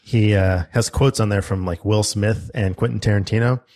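Low-voiced man telling a story. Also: fairly even intonation, moderate pace. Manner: storytelling, quoting a loud instructor in his telling. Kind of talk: casual chat.

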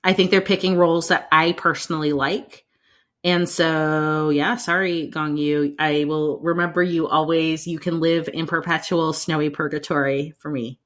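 A woman co-hosting a casual podcast chat, animated, laughing and swearing as she talks. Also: low-pitched, normal speed. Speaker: podcast co-host.

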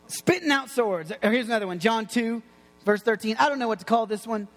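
A man preaching an excitable, joking sermon, like a youth pastor, full of playful asides. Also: very high-pitched, brisk, in a large hall. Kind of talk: lively sermon.

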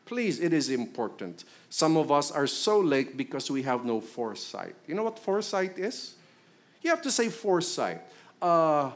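Filipino man, middle-aged pastor, sermon, conversational, slightly high voice, very animated pitch. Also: moderate pace. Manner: conversational, asks the congregation questions.

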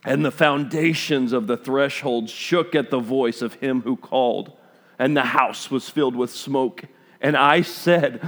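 A man's voice: on the high side, expressive, a little slow, a bit bright. A middle-aged man preaching a sermon, reading scripture and acting out reactions with emphatic exclamations.

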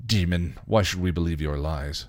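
Reader as an old cleric, zealous, very low voice. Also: male voice, normal speed, darkish tone, no room sound, clean studio sound, close to an everyday voice. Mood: accusing. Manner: accusing, zealous. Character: elderly male cleric, zealous and accusing.

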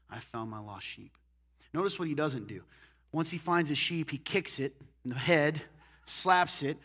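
A man preaching a sermon as pastor, animated, moving between loud emphatic lines and hushed, intense ones. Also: a little high.

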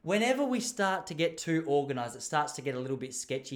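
A man's voice: fairly high pitch, very animated, fast talker. A young Australian man rambles through a story in easy, chatty monologue. His voice sits slightly above the middle for a man, and he restarts phrases often as he goes. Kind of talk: casual monologue.

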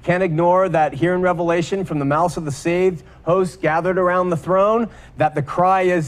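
A man preaching a sermon, emphatic, repeating words for stress and slowing down on key points. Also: high voice, fairly even intonation.

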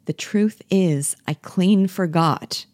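A woman's voice: lowish voice, slow, a little mellow, no echo, voice pushed up. A woman reading the part of an awkward, guilty young man who keeps apologizing. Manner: apologetic, curt. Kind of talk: play reading.

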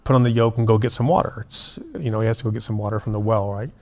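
A man, a prison minister and guest, telling a story in an earnest, animated way and acting out the dialogue. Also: lowish voice, rapid-fire. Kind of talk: conversational storytelling.

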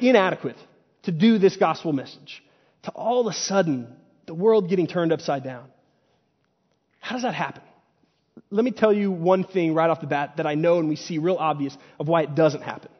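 A male preacher on a church stage giving a casual, conversational sermon and acting out paraphrased dialogue. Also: fairly high pitch. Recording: dull sound with long hall reverb.

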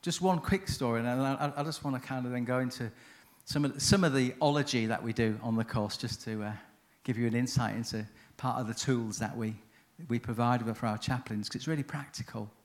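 A man's voice: medium pitch, brisk, few pauses. Chatty man telling a story. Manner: chatty, self-interrupting, anecdotal. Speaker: seminar speaker on chaplaincy. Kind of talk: conference talk with storytelling.

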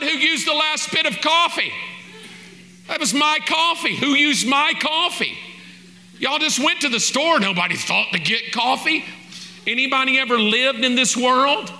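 A man preaching a sermon, his voice high and very bright. He talks conversationally and drops joking asides of mock exasperation. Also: a little hiss or hum. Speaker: pastor.

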